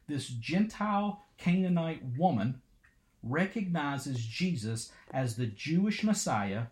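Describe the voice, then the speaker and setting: A man preaches a sermon at an everyday mid pitch. He delivers it dramatically and keeps asking rhetorical questions. His pitch swings up and down with emphasis. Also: a little mellow.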